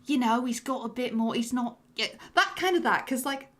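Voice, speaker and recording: This animator and streamer, a young woman, gives loose, self-deprecating director's commentary on her own animation during a livestream. Her voice is fairly high and animated at a moderate pace, and her speech is full of fillers.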